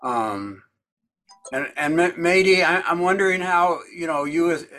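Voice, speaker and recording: A man's voice: fairly high pitch, a little slow, pushed and bright, soft background music. Chatty man leading a video chat. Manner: chatty, rambling, lots of fillers. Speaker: discussion group leader. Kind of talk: casual group video chat.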